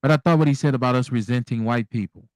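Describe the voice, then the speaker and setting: Male call-in radio host, blunt and animated, mid-pitched voice, dry close-mic sound. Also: quick pace, dry recording. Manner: candid, blunt, animated with profanity. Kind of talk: casual call-in radio talk.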